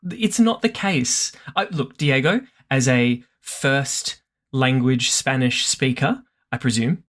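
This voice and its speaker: A man's voice: mid-range voice, slow pace, a bit bright. A man co-hosting a podcast, chatting casually with sarcastic, playful banter. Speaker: podcast co-host. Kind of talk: casual chat.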